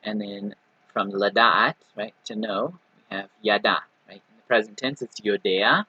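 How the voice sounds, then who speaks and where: A man with a bright, forward, slightly husky voice teaches a language lesson in a patient, repetitive way. He checks in often with "right?" and "okay." The recording is dry and a little dull. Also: fairly low pitch, dry recording. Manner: patient, repeats example words slowly with many "right?" and "okay". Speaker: Hebrew teacher.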